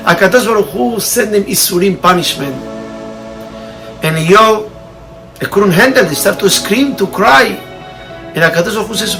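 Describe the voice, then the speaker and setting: A man's voice: sits high, moderate pace, pushed and bright, faint music behind, rough recording. A man teaching Torah in a sermon, telling a parable in non-native English phrasing and raising his voice when he quotes. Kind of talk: sermon with storytelling.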